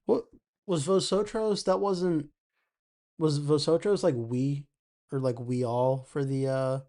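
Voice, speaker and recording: A man's voice: fairly high pitch, steady tone, slow, dark tone. A young man hosting an election night live stream, chatting casually, thinking aloud and reading out viewers' comments.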